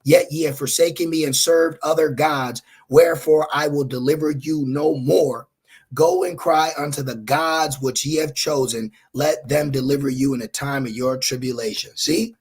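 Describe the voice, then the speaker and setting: A man's voice: a little high, steady tone, moderate pace, husky. A man preaching scripture online, scolding his listeners with blunt, profane asides and reading Bible verses aloud between his remarks.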